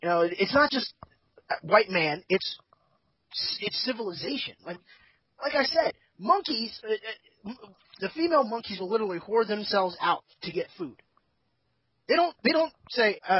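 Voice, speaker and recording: Husky profane man hosting a chat. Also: sits high, expressive, moderate pace, no room sound, lo-fi sound. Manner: profane, rambling and opinionated. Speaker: podcast host. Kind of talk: casual group chat.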